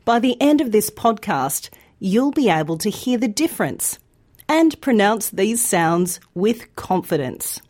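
A woman teaching pronunciation in a scripted podcast, speaking slowly and carefully articulating each sound. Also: mid-range voice, big pitch swings, darkish tone. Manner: slow, clear, carefully articulated. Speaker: pronunciation teacher and news presenter. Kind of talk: scripted educational podcast narration.

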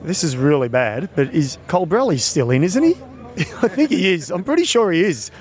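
Australian male co-host, slightly raised pitch, loose and joking. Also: very animated, moderate pace. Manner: chatty, laughs often, teasing. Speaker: podcast co-host and cycling commentator. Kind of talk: casual chat.

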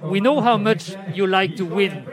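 A man's voice: high-pitched, normal speed. A man reporting and asking short interview questions. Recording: loud crowd noise.

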